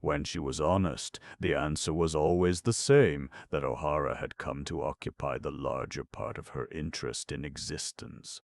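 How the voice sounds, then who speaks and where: A man narrating a classic novel as an audiobook, reading in a measured, even way. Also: rumbling low. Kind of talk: scripted literary narration.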